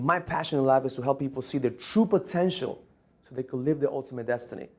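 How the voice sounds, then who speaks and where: A man's voice: medium pitch, a little mellow. Brief: male keynote speaker, emphatic, storytelling, mid-range voice. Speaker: motivational speaker. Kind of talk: conference keynote speech.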